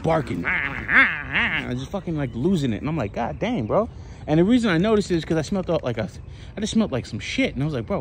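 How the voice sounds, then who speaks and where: Male vlogger, loose profane storyteller, average pitch, a little room noise behind. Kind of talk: casual rambling monologue.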